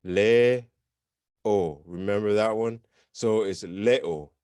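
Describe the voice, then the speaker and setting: Male teacher, low clear voice, casual and self-correcting, dry close sound. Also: slow pace, no echo. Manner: relaxed, self-correcting, chatty explanations. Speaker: language teacher. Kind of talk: informal online class.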